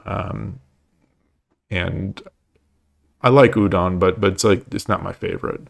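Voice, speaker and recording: In a deep, creaky voice with fairly even intonation and a measured pace, a man gives live-stream commentary while playing shogi online at home. He rambles, stammers, and repeats words, making self-deprecating jokes about his losing streak.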